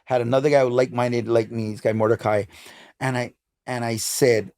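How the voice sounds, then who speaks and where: A man's voice: mid-range voice, brisk. A man in his fifties from Hawaii with a Hawaiian English accent, telling stories emphatically as a guest in a casual interview. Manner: animated storyteller, lively and emphatic. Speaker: guest, DJ and club promoter.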